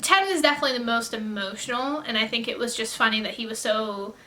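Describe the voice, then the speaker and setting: A woman's voice: a little high, fast talker, pushed and bright. A woman chatting casually in a reaction video, rambling and effusive, often correcting herself mid-sentence.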